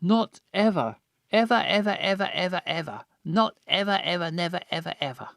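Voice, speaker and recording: A man's voice: high-pitched, a little fast, creaky, a bit bright, no echo, clean studio sound, voice pushed up. A man reading game dialogue aloud, voicing a jilted, angry young woman who speaks melodramatically and repeats herself insistently. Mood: drunk sulking.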